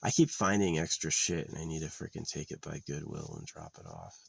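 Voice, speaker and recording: A man's voice: extremely low pitch, wildly swooping pitch, brisk, vocal fry, breathy edge. A man talking in a rambling, profane vlog monologue, full of fillers. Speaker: vlogger.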